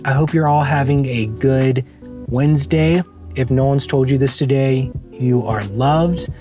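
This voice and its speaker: A man's voice: medium pitch, darkish tone. A young man from Southern Virginia vlogging from his car, rambling casually and cutting himself off mid-thought. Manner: rambling, self-interrupting. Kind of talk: casual chat to camera. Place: parked car.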